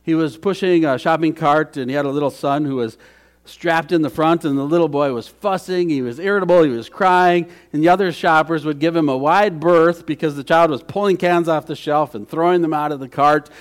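A man's voice: on the high side, a little fast, smooth. A middle-aged man preaching a conversational sermon as pastor, folksy and chatty, with frequent restarts.

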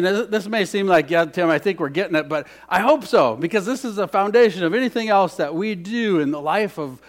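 A man preaching a sermon as pastor, earnest and repeating key phrases, leading the congregation in spoken responses. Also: a little high.

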